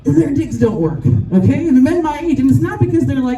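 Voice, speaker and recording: A woman's voice: sits high, lively intonation, fairly quick, hardly any pauses, warm tone. A middle-aged woman performing a brash, profane stand-up comedy set with crowd work. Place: rooftop bar show with a live audience. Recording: echoey, distant mic, crowd noise.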